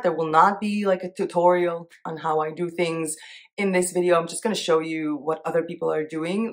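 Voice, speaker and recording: Chatty woman with a lowish voice. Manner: chatty, thinks aloud, giggles easily. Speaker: Etsy seller and art vlogger. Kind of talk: casual screen-share commentary.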